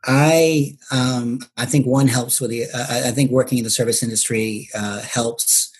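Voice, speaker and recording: A man's voice: medium pitch, steady tone, normal speed, husky. A man being interviewed on a podcast, a bartender and local candidate telling stories casually, with frequent ums and restarts. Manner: hesitant, many ums and restarts.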